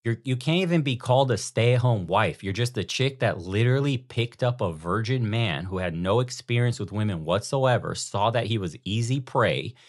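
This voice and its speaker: Low-voiced mocking commentary host. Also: male voice, animated, normal speed, few pauses. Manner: mocking, crude, slangy. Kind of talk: reaction commentary.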